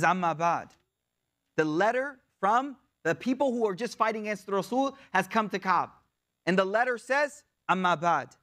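A man delivers a sermon as a story, his voice pitched high for a man. He talks casually and conversationally, switching between plain English and quoted Arabic lines, and tells the account in the first person as if he were there. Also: a bit bright. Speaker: preacher.

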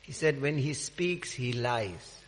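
A man's voice: mid-range voice, animated, slow pace. A man preaching a sermon with passion, repeating phrases for emphasis and reciting Arabic verses. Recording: long hall reverb.

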